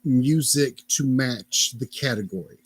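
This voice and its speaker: A man co-hosting a podcast in a relaxed, teasing, casual way. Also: medium pitch, a little slow, husky, dry recording. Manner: teasing, laid-back. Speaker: podcast co-host.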